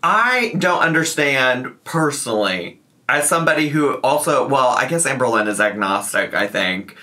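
Sarcastic man with a lively, bright voice. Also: mid-range voice, moderate pace. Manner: sarcastic, teasing, laughs often. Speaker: commentary host. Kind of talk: reaction commentary.

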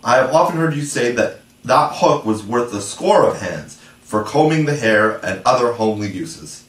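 A man's voice: medium pitch, animated, normal speed, lightly acted. A man reading aloud, voicing a dim, mild-mannered pirate boatswain who speaks eagerly. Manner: pleasant, simple, eager. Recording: echoey room, from far off.

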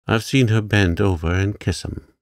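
A gruff old gardener grumbles in short, slow phrases, as a man reads him. His voice sits very deep and gravelly, and it sounds dry and close. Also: steady tone, dry recording, close to an everyday voice. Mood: grudging. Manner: grumbling, curt, dialect speech.

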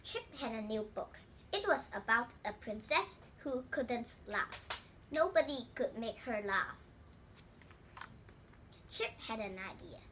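A woman reading a children's storybook aloud in a slow, careful read-aloud way. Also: fairly high pitch, lively intonation, a bit bright, a little hiss or hum. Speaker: storybook reader.

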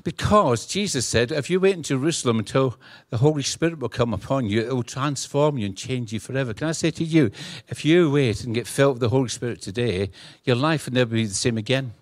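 A man's voice: medium pitch, fairly quick, few pauses, no echo, studio quality. A middle-aged man with a Scottish accent, preaching a humorous, storytelling sermon and acting out dialogue. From Scotland. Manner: humorous, animated, acts out dialogue. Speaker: guest preacher.

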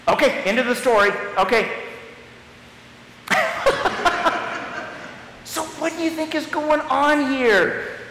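In an echoey church sanctuary, a pastor with a very high, bright voice and lively intonation leads a children's message at normal speed. He walks the kids through a story in a playful, stop-start way, and the live stream carries a little hiss or hum.

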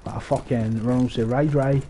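A man giving live, profane, rambling commentary over his own gameplay, breaking into excited outbursts. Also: mid-range voice, normal speed, background noise. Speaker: gaming channel host.

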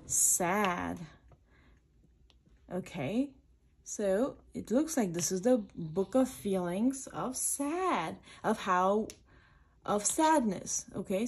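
A woman reads a children's picture book aloud for her channel, pausing to explain each page in plain, simple words. She talks slowly and unhurriedly, in a soft, mellow voice. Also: medium pitch, breathy edge.

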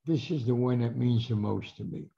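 Gravelly older man telling stories. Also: medium pitch, normal speed. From New Jersey. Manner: animated anecdotal storyteller, acts out quoted lines. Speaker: guest speaker. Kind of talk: storytelling talk. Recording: muffled lo-fi recording.

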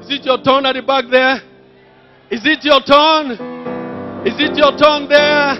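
A man's voice: very high voice, little pitch movement, a little slow, muffled recording, over music. A man preaching a sermon at a church service, calling out to the congregation with passion. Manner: impassioned, calls out to the congregation.

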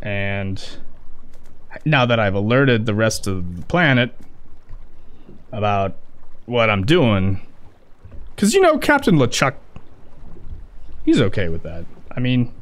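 A man talks through a video game while playing it, excitable and full of jokes and curses. He speaks slowly, but his pitch swoops wildly between low mutters and high yelps. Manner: excitable, swearing, joking to himself; blind gamer. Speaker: let's play gamer. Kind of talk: gaming commentary.

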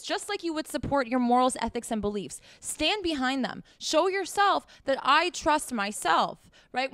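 A woman's voice: sits high, fairly bright tone, dry recording. A woman hosting a podcast, giving casual dating advice in a blunt, profane, emphatic way and talking straight to the listener. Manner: direct, talks straight to the listener with repeated "okay?". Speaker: podcast host.

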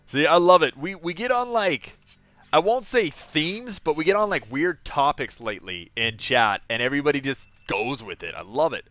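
A man's voice: fairly high pitch, animated, moderate pace, sharp tone. A young man chatting casually on a live game stream, laughing often and reading viewers' messages aloud.

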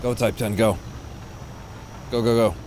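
A young man livestreams a game, chatting casually, teasing with playful jokes and breaking into bursts of cheering. His voice sits on the low side, fairly even and a little mellow at a measured pace. Game noise, including gunfire and vehicle sounds, plays behind him.

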